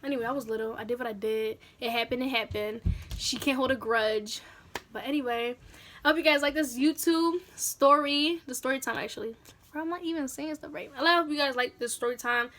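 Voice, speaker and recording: A woman vlogger telling a personal story in a casual, animated, slangy way. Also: high voice, brisk, slight background noise.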